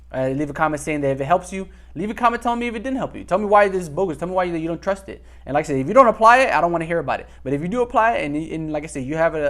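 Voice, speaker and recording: A young man giving casual dating advice to camera, rambling and repeating himself as he acts out bits of dialogue. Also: fairly high pitch.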